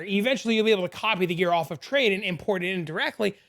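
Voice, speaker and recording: A hoarse man hosting a gaming channel, talking excitedly and rambling step by step through a screen-recorded game tutorial into a desk microphone. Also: high-pitched, fairly quick, few pauses. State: hoarse, losing his voice.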